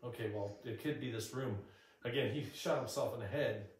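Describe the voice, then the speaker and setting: A man's voice: medium pitch, normal speed, slight background noise. A man investigating the paranormal who keeps calling out questions to spirits in old rooms under renovation. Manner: asks questions aloud to spirits. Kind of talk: ghost-hunting vlog chatter. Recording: echoey room, mic at a distance.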